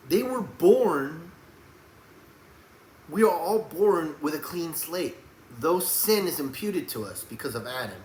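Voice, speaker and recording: A man preaching a sermon, swinging between fiery shouts and soft, hushed passages. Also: on the high side. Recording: echoey room with faint background noise.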